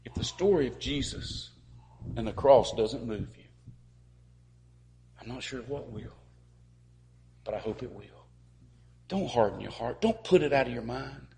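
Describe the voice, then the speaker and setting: A man's voice: mid-range voice, animated, unhurried, gravelly, pauses often, a little hiss or hum. Impassioned male preacher. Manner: impassioned, rising to forceful peaks and dropping to quiet pleas. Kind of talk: sermon.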